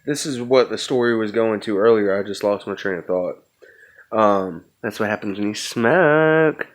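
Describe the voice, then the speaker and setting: A man's voice: on the low side, normal speed. A young adult man hosting a podcast, rambling profanely through a casual stoned story. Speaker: podcast host.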